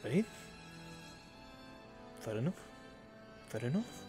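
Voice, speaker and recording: A man voicing a gruff but friendly male dwarf king who says aye and lad. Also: medium pitch, sing-song, slow, over music. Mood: jovial.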